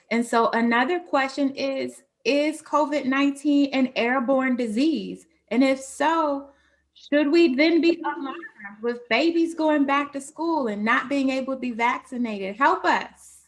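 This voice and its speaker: A woman moderating a virtual town hall, earnestly reading out audience questions to the panel. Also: high voice.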